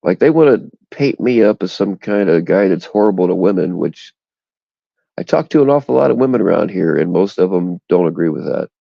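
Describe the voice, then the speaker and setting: Gravelly deep-voiced man ranting on a stream. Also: expressive, a little fast, dry recording, dull audio. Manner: blunt, profane, indignant ranting. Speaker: livestream host. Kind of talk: casual livestream chat. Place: outdoors in the cold. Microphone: phone.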